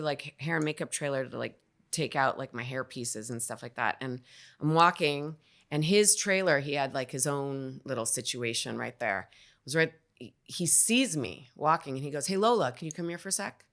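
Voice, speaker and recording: A woman's voice: low-pitched, vocal fry, fairly bright tone. A woman guest on a podcast, telling a story in casual chat and acting out the lines she quotes. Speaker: guest actor.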